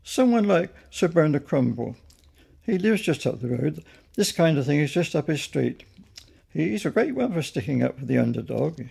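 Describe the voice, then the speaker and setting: An old man doing a gravelly, opinionated, matter-of-fact market trader, mellow. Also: on the high side, very animated, moderate pace, heavily acted. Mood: knowing. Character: opinionated male fruit and vegetable trader.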